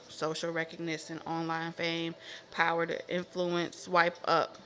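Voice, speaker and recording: Woman tarot reader, casual and foul-mouthed, bright cutting voice, faint ambience behind. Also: fairly low pitch, measured pace, a little hiss or hum. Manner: animated, profane, repetitive, laughing asides. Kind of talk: casual tarot reading to camera.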